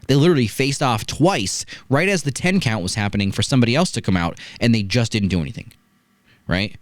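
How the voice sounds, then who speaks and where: Animated man reviewing a wrestling match. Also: medium pitch, brisk, dry recording. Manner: animated storytelling, rhetorical "right?" asides. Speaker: wrestling podcast host. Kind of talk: casual review chat.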